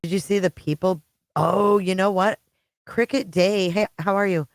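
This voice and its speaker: A woman's voice: medium pitch, steady tone, moderate pace, no echo. A middle-aged woman hosting a casual livestream, chatting with viewers and greeting them by name. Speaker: livestream host. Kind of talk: casual live-chat stream.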